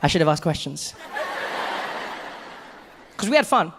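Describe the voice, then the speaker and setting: A man doing relaxed stand-up comedy, chatting with the crowd and acting out his friends' voices. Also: a little high, a little slow, vocal fry, in a large hall, noisy background. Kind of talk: stand-up storytelling.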